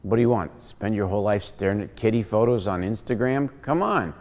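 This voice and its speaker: A man's voice: lowish voice, fairly quick, in a large hall. A man hosting a casual Bible teaching show, joking and acting out quotes as he explains. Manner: animated, joking, acts out quotes.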